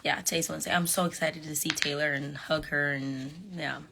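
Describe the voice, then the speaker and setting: A young woman chatting casually with fans on a live stream, animated and sassy, talking straight to her viewers. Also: low-pitched, fairly quick, gravelly, background noise. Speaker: reality show contestant on a live stream. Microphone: phone.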